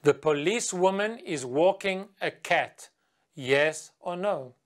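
Patient and clear, a woman teaches English to children at a slow pace on video. Along with asking quiz questions, she leads a chant, which she sings in a brighter, higher voice.

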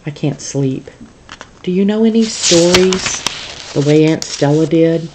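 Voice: medium pitch, unhurried, background noise, lightly acted. Homesick little elephant girl, read by a teacher. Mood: sad, pleading. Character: young female elephant, sad and homesick.

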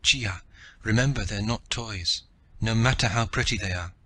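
A hot-tempered, driven father in a storybook, snapping out urgent, clipped commands, as a male narrator acts him out. His voice is husky and forceful, pushed well above the reader's usual low register. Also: moderate pace.

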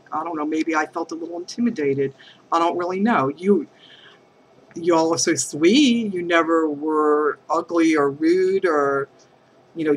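A woman crafting vlogger talking heartfelt to camera, hesitant and halting, earnest and emotional. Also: lowish voice, slight background noise, rough recording. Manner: emotional, affectionate.

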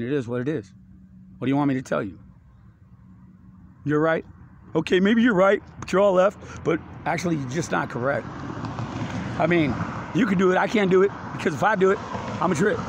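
A man's voice: fairly high pitch, slight background noise. A man talking outdoors in a rambling, profane, jumpy stream of slang and free association. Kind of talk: rambling, profane, disjointed monologue.

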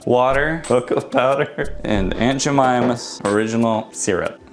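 A man's voice: mid-range voice, a little slow, faint music behind. A young man, joking and laughing through a homemade cooking vlog in his kitchen. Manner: playful, self-mocking, laughs often. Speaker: vlogger. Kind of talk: casual comedic cooking vlog. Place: home kitchen.

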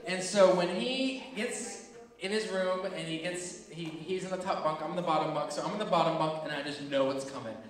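A young man tells a childhood story to kids, acting out screams and voices. His voice is bright and a little high. He sounds distant, with long reverb from a large hall. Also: fairly quick. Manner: animated, acts out screams and voices. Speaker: children's ministry speaker. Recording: echoey hall from far off.

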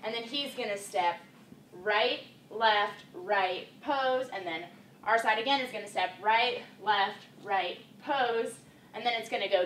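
A woman's voice: fairly high pitch, unhurried, a bit bright. Young woman counting dance steps, echoey. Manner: upbeat, counts steps out aloud. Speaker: dance instructor. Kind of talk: step-by-step dance instruction. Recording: roomy and distant with faint background noise.

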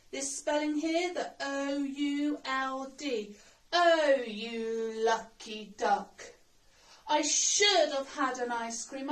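A woman teaching a recorded primary school writing lesson, sounding out words letter by letter. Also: sits high. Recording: roomy sound, mic at a distance.

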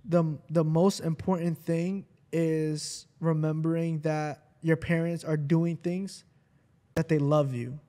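A man's voice: a little high, level tone, slow, dark tone. A young man co-hosting a podcast, talking earnestly and agreeing readily, with many fillers like "like". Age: young adult. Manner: earnest, affirming, heavy use of "like". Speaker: podcast co-host, host's son. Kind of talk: casual podcast chat.

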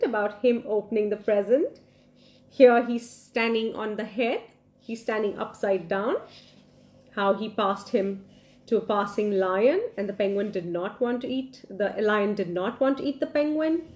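A woman reading a picture book aloud to children, expressive and full of questions for her young listeners. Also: a little high. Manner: expressive, asks the children questions, gasps in surprise. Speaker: storyteller for children.

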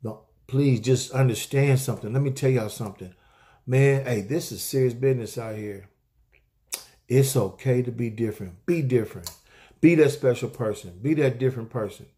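In a dark-toned, mid-range voice at normal speed, a middle-aged man preaches to viewers on his weekly inspirational talk. He exhorts and repeats himself, calling out amens along the way.

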